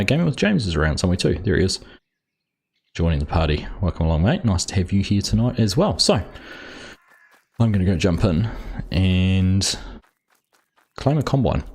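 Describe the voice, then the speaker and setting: A man's voice: low voice, a little mellow. A man hosting a live farming game stream, chatting casually and greeting viewers by name while he plays. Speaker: livestream host. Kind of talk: casual gameplay commentary.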